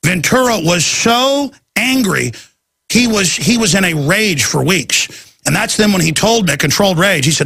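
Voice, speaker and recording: A man's voice: sits high, lively intonation, moderate pace, vocal fry, bright, forceful tone, breathy edge, dry recording, studio quality. A man hosting a talk show, telling a rambling story in a ranting style and acting out the voices of the people he quotes. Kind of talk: rambling talk-radio rant.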